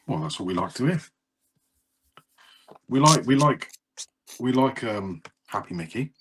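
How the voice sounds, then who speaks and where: A man's voice: mid-range voice, expressive, a little slow, a bit bright, husky. A man co-hosting a podcast, bantering playfully and teasing his friend in casual chat. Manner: playful, teasing banter, sing-song greetings. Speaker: podcast co-host.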